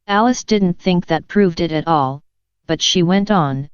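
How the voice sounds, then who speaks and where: A woman narrates a classic children's story in an even, measured way. Her voice is very clear and a little low. The recording is dry and slightly muffled. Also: no echo. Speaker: audiobook narrator. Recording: dry, dull lo-fi sound.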